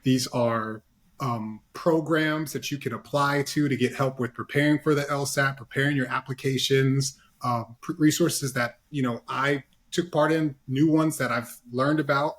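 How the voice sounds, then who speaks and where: A man's voice: mid-range voice, fairly even intonation, normal speed, a bit bright. A man speaking as a panelist in a casual discussion, giving earnest advice with lots of fillers and "right?" tag questions, over a video call.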